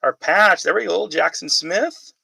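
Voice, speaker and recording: Casual male card-break host, gravelly and a bit husky, rattling off player names between chatty asides. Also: high-pitched, normal speed, bright, forceful tone, no echo, rough recording. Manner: chatty, calls out player names while reading questions from viewers.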